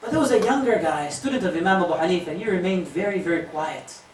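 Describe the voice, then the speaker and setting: A man giving a storytelling sermon as an imam, animated, with joking asides to the audience. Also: high voice, fast. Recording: echoey hall, distant mic, faint noise.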